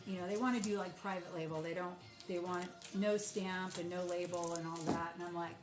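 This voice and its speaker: A woman's voice: lowish voice, steady tone, normal speed. A woman who runs a small soap business, chatting casually and rambling with many fillers while packing orders on a livestream. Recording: roomy sound with music behind.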